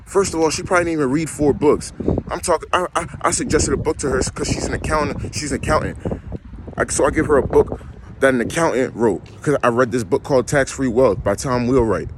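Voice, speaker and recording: A man's voice: mid-range voice, quick pace, background noise. A young man, ranting emphatically and repeating himself in a vlog. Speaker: vlogger. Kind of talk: ranting monologue.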